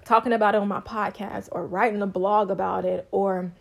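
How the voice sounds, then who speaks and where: A woman's voice: brisk, vocal fry. A young woman hosting her own podcast, telling her story in a bubbly, talkative, casual way. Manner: bubbly, talkative, expressive with sudden high pitch jumps. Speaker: podcast host.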